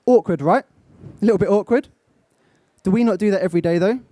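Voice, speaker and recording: Speaking fast in a high-pitched, dark-toned voice, a young Englishman gives a live motivational talk on an event stage. He's direct and coaching, putting questions to the crowd, and the recording has no echo.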